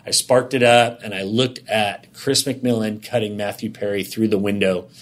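A man telling a candid personal story as an interview guest, in long run-on sentences that act out the dialogue. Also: lowish voice. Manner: animated, rapid run-on sentences, acting out dialogue.

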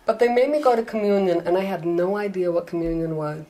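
An older woman, an author being interviewed, telling animated self-mocking anecdotes and acting out the dialogue. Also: lowish voice, quick pace, poor audio. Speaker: author guest. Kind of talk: interview storytelling.

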